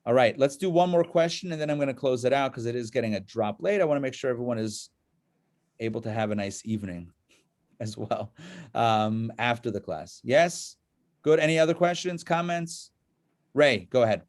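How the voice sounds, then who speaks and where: A man's voice: medium pitch, lively intonation, normal speed. A man teaching a live class as a rabbi, telling a story and checking in with his listeners.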